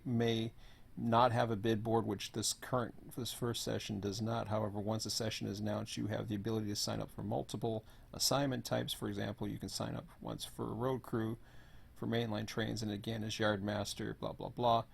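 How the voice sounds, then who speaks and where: A hoarse man who is losing his voice gives a rambling, offhand walkthrough as host of an online server. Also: lowish voice, level tone, moderate pace. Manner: rambling, offhand, says "blah, blah, blah". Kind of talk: casual screen walkthrough.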